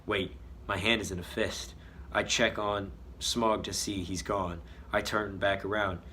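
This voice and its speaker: Bright-voiced man mocking his own story. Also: lowish voice, steady tone, a little slow, a little hiss or hum. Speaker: host reading his childhood story. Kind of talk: comedic read-aloud with commentary.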